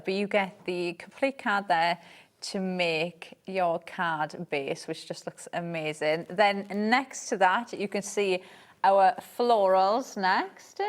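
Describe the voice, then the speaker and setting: A woman from Wales demonstrating a craft collection on a live shopping show, enthusiastic and explanatory. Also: medium pitch. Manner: enthusiastic, explaining product details. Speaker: craft product guest presenter.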